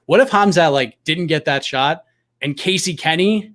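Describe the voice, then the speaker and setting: Higher-voiced male guest, wandering, thinking out loud. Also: moderate pace. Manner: rambling, speculative, heavy on "like". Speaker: guest journalist. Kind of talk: casual sports talk chat.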